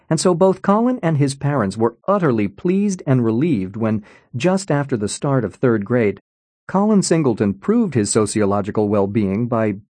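A male audiobook narrator with a wry, expressive delivery whose pitch moves in lively swings. His voice is mellow and slightly husky. The recording is dry and close, with no room sound. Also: no echo. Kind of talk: scripted narration.

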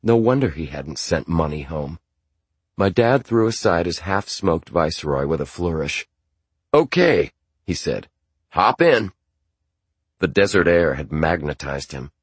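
A man narrates a novel in a measured, reflective first-person voice. His tone is deep and husky. The recording is close and completely dry. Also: dry recording. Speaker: audiobook narrator.

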